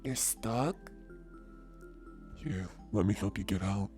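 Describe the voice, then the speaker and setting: A woman's voice: lively intonation, slow, mellow, soft background music, exaggerated voice. A woman using a voice modifier to play a flirty, seductive man, teasing and drawn out, on a casual livestream. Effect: voice modifier deepening the voice. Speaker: streamer.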